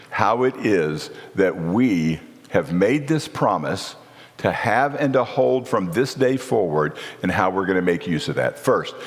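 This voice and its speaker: A middle-aged man giving a sermon at a marriage seminar in a church, speaking earnestly and conversationally and often asking his listeners questions. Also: low voice. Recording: long reverb of a church hall.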